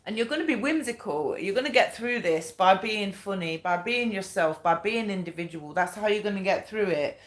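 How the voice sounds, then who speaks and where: A woman's voice: medium pitch, expressive, moderate pace, few pauses. A woman giving a casual spoken tarot reading, chatty and blunt, repeating her points and swearing now and then. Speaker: tarot reader. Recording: echoey room.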